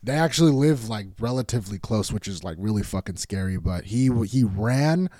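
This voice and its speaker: A man's voice: lowish voice, lively intonation, brisk, dark tone, no echo, studio quality. A man telling a rambling, heated story in casual speech, swearing often.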